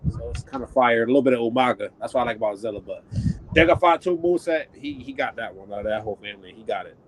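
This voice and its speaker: A man with a mid-range voice chats on a podcast in relaxed slang, scattering fillers through his talk. A clear layer of noise runs behind him. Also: medium pitch, very fast, low-quality recording. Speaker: podcast co-host. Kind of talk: casual chat.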